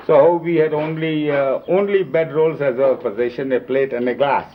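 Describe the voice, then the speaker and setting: A man telling lively, emphatic anecdotes about his time as a companion, recorded on old videotape. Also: mid-range voice, moderate pace, few pauses, slight background noise. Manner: lively, emphatic retelling with acted-out quotes. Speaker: storyteller recalling his years as a companion. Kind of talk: informal anecdotal storytelling. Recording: dull lo-fi 1970s reel-to-reel videotape.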